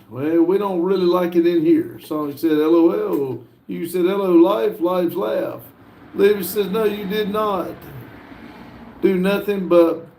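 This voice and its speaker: A man hosting a casual livestream, reading viewer messages aloud in an unhurried way, with frequent fillers and chuckles. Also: a little high, darkish tone, reverberant. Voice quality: laid-back, chuckles often between messages. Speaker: livestream host.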